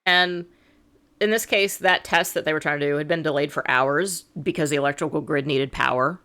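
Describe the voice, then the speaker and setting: A woman's voice: low voice, fairly quick, sharp tone. A middle-aged woman co-hosting a podcast, explaining events step by step with a sarcastic edge. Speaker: podcast co-host. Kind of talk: casual podcast chat.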